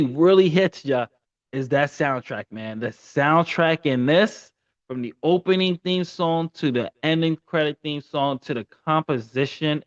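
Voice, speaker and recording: A man's voice: on the high side, no room sound. Earnest man, dull lo-fi recording. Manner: earnest, stumbling, repeating words. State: a little choked up. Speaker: anime reviewer and channel host. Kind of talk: casual video review.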